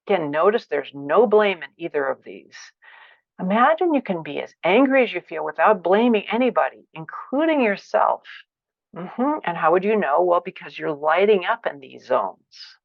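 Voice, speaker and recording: A woman giving a workshop lecture, expressive, acting out feelings with sighs and exclamations. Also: lowish voice, moderate pace, gravelly, no echo, lo-fi sound. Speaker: teacher of a conflict practice.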